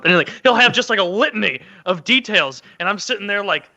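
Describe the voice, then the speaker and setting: A man co-hosting a podcast, chatting quickly in casual banter. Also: high voice, lively intonation, bright, forceful tone, lo-fi sound. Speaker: podcast co-host.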